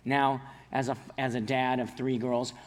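A man preaching a sermon as a pastor, earnest, telling family stories and dropping to quiet emphasis on key points. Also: medium pitch, little pitch movement, measured pace, long reverb tail.

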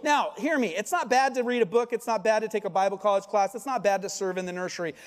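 A man's voice: high voice, fast. A male pastor preaching a sermon in a church, driving his points home with emphatic rhetorical questions. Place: church sanctuary. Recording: long hall reverb.

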